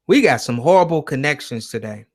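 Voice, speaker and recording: A man's voice: a little high, expressive, fairly quick. A man hosting a call-in show, chatting loosely and bluntly with callers over a shaky internet connection. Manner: loose, blunt, swears casually. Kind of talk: casual call-in chat.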